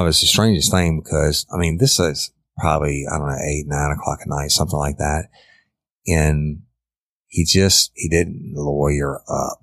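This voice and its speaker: Ex-detective, deep voice with a flat delivery, blunt and profane, matter-of-fact storyteller. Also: male voice, no echo. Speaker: former police detective. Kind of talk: storytelling in an interview.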